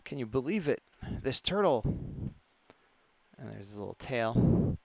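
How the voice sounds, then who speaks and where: A man's voice: mid-range voice, very animated, slow pace, gravelly, a little mellow, no room sound, muffled recording. A man chatting in a playful, easygoing way as he narrates his drawing on a live stream. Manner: playful and chatty, laughs at his own jokes.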